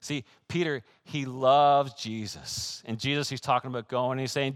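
A man preaching a sermon, animated and excitable, acting out quoted voices and breaking into soft laughs. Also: medium pitch, moderate pace, hardly any pauses. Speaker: pastor.

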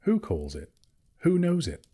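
A man's voice: on the high side, huge pitch swings, unhurried, warm tone, husky, voice pushed up, exaggerated voice. A man reading aloud, voicing a curious young male hobbit in a raised, eager questioning tone.

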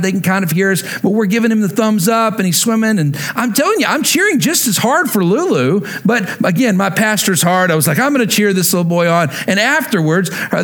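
A male pastor in his forties delivers a sermon through a family story. His voice sits a little high. He acts out each quoted line with lively energy and drops his voice low and quiet when he turns to reflection.

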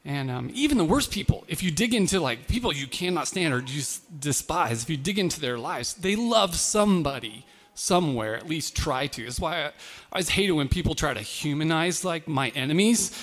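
A man gives a relaxed, conversational sermon, full of fillers and restarts and a self-deprecating humor. His voice sits somewhat high for a man. The sound carries a long hall reverb. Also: moderate pace. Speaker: pastor.

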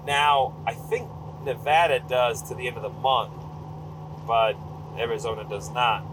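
A man's voice: medium pitch, steady tone, a little slow. A man telling a rambling story in casual, profane talk while he drives, often correcting himself. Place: inside a moving car. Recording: car interior with road noise. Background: engine and road noise.

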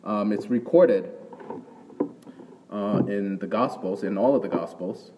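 A man preaching a sermon in a conversational way, often checking in with the audience with a quick "right?". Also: lowish voice, background noise. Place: church hall with an audience. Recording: distant mic in a reverberant hall.

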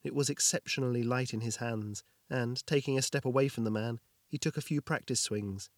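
Man reading a fantasy story, calm steady pace, middle voice, dry close sound. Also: mid-range voice, fairly quick, no echo. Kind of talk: storybook narration.

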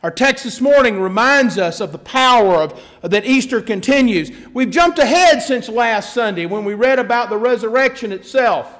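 High-voiced man preaching a sermon. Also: expressive, normal speed, hardly any pauses, a bit bright. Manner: conversational storytelling with self-deprecating asides. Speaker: pastor.

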